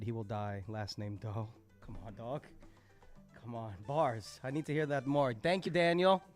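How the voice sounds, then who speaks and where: A man hosting a live poetry open mic, recapping each performer's lines and thanking them, animated and quick to laugh. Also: mid-range voice. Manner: animated, laughing, quoting performers with shouted bursts. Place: poetry cafe venue, live.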